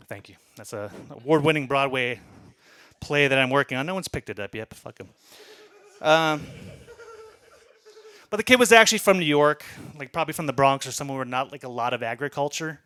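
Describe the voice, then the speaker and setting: A man's voice: fairly high pitch, expressive, a little fast, bright, forceful tone. A man doing a rambling, profane stand-up comedy set with a self-deprecating edge.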